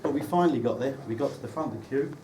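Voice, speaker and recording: A man's voice: mid-range voice, racing. A man giving a humorous wedding speech about the groom, teasing him with dry, well-timed anecdotes at a reception. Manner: dry, teasing storytelling with comic timing. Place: wedding reception room, indoors. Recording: distant mic with loud room noise.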